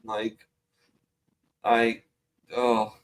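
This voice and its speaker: A man's voice: mid-range voice, monotone, very slow, slight background noise. A man hosting a casual online chat, joking and swearing as he reads memes aloud and laughs at them. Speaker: show host reading memes.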